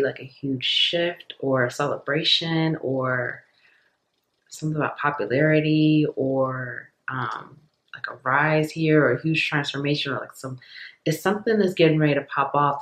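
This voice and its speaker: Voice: medium pitch, a bit bright, reverberant, rough recording. A tarot reader giving a casual reading to viewers, rambling with lots of fillers, repeating phrases and stumbling over words.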